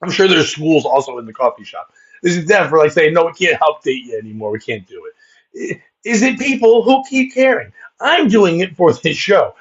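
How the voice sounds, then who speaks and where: A man's voice: high voice, husky. A man hosting a comedy podcast, rambling and cursing, laughing often at his own bits. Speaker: podcast host. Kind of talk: casual comedic chat. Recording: dull lo-fi sound.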